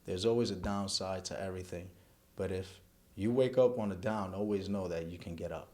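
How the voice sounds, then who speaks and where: A middle-aged man talks in an interview, earnest and steady. His voice sits on the low side, and he strings ideas together in long spoken lists. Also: fairly quick. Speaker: charity event chairman.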